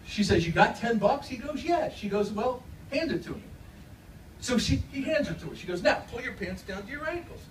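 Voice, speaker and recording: A man tells jokes from a comedy club stage, his voice high and swooping as he acts out each character. He is heard from a distance, and the room echoes around him. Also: lively intonation, fairly quick, a little hiss or hum. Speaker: stand-up comedian. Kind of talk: stand-up joke telling.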